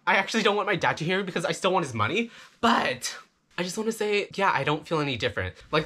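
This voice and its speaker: A young man vlogging in a campy, flamboyant, profane joking manner, talking excitedly to his viewers. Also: a little high. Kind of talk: campy confessional vlog.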